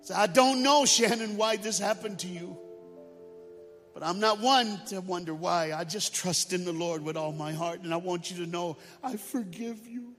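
A man putting on a high, kindly older man. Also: moderate pace. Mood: tender. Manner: high, bright, welcoming. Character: kindly forgiving older man, warm host. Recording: long hall reverb, faint music.

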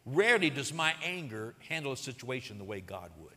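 Male pastor, bright forceful tone, long reverb, earnest sermon delivery. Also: mid-range voice, sing-song, fairly quick. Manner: earnest preaching, retells a parable with acted quotes.

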